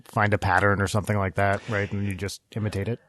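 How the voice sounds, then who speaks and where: Male panelist; low, quick-talking, dry close-mic, casual chat. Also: little pitch movement, a bit bright, no echo. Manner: quick interjections and follow-up suggestions.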